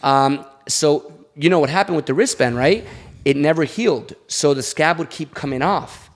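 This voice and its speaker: A man's voice: fairly high pitch, normal speed. A man talking casually on a podcast, telling candid personal stories in an open, confessional way. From Latin American background. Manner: candid storytelling. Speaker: podcast guest.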